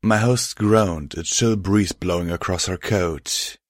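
A man reading a fan-fiction story aloud with a lively, expressive delivery. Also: sits low, slow pace, dry recording, studio quality. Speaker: audiobook narrator.

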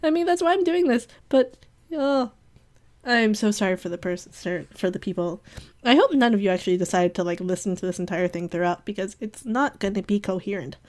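A woman's voice: mid-range voice, a little fast, darkish tone. Gushing, rambling woman, sniffling. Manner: gushing, affectionate, giggly, rambling. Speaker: community member giving shout-outs. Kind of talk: rambling casual monologue.

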